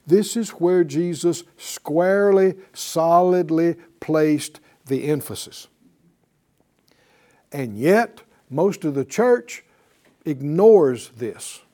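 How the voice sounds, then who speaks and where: A man's voice: on the high side, dark tone. A middle-aged man teaching a sermon to a class, emphatic and full of rhetorical questions and repetition. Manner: emphatic, asks rhetorical questions and repeats phrases. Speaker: Bible teacher.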